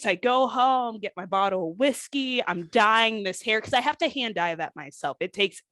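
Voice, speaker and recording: On an interview podcast, a former pro wrestler in her thirties recounts her experiences openly and with feeling, bringing quoted remarks to life in animated voices. Her pitch is on the high side, her speed normal, and the recording dry.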